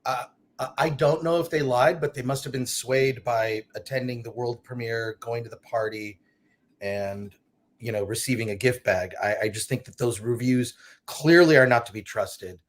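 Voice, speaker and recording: A man's voice: mid-range voice, moderate pace. A man appearing as a guest critic, giving blunt, considered film opinions in casual panel talk. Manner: blunt, critical, thoughtful with restarts.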